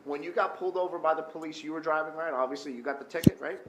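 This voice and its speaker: A man's voice: fairly high pitch, very fast, fairly bright tone. A man cross-examining a witness in a courtroom, questioning with hesitant restarts. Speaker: defense attorney. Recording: roomy courtroom audio with faint hum.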